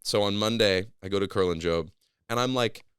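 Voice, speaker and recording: A man's voice: on the low side, brisk, smooth, no room sound, clean studio sound. A man casually telling a long story on a podcast, acting out the people in it with raised voices. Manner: animated, acts out quoted people in a raised voice.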